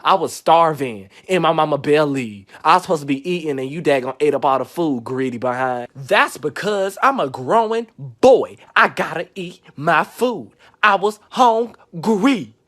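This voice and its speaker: A man's voice: fairly high pitch, animated, normal speed, few pauses, a bit bright. A man playing a boastful young boy who fires back sassy comebacks in a comedy skit. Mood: defensive.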